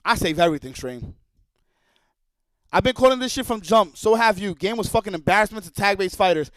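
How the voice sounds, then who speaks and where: High-pitched guy streamer cussing nonstop, heated rant, dry close sound. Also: animated, fairly quick, fairly bright tone, no echo. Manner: profane, heated and repetitive. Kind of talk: livestream rant.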